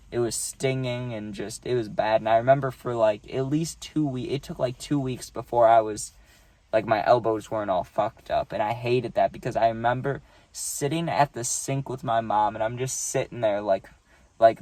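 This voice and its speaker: A man's voice: mid-range voice, a little mellow, no echo. Rambling, swearing man, dry sound. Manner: rambling, peppered with "like" and "right?", swears freely. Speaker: vlogger telling a personal story. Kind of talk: casual storytime monologue.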